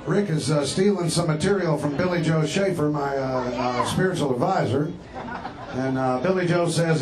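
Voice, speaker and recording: A man giving a rally speech for governor, telling jokes in a dry, halting way with many fillers. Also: a little high, huge pitch swings, crowd noise. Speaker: candidate for governor speaking at a rally. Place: campaign rally before a crowd.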